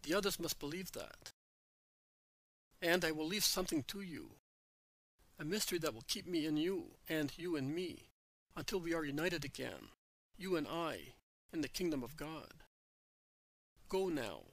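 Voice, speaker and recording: A man voicing a gentle spiritual teacher in a storybook reading, speaking calmly and measuredly. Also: fairly high pitch, measured pace, long pauses, full character voice, low-quality recording. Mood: tender.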